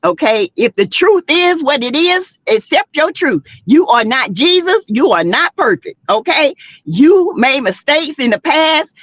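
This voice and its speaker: An older Southern woman with a Southern US accent chats through the latest gossip with her viewers, sassy and quick to laugh. Her voice swoops up and down with lots of life. The recording is dry and a little dull, like basic webcam audio. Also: sits high, no echo. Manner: animated and sassy, laughing often, calling out to viewers. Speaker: host of a celebrity gossip livestream. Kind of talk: casual gossip chat with viewers.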